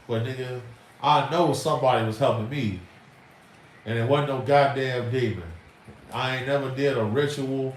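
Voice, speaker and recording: A man's voice: mid-range voice, steady tone, moderate pace. A middle-aged man, hosting a livestream in an emphatic, rambling, slangy way. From Chicago. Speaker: livestream host. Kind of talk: casual livestream talk. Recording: roomy echo, far from mic, faint noise.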